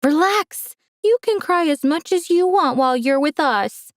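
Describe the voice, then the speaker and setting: A woman's voice: medium pitch, lively intonation, normal speed, lightly acted. A woman voicing a cruel, greedy middle-aged aunt who talks in a threatening, gloating way.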